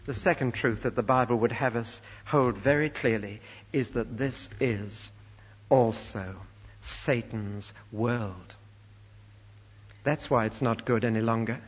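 A man preaching a sermon, earnest and emphatic, slowing down to stress key phrases. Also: medium pitch, slightly rough. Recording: lo-fi recording in a reverberant church.

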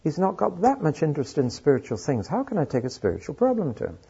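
A man's voice: a little high, huge pitch swings, quick pace, creaky, mellow, breathy edge, voice pushed up, exaggerated voice. A man voicing an upset churchgoing woman who insists and pleads. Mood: insistent. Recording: dull lo-fi recording.

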